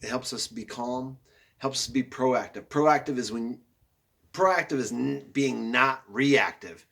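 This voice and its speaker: A man's voice: mid-range voice, creaky. A male teacher talking to young pupils in a video lesson, upbeat and encouraging, praising them by name. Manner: slow, soft guided breathing.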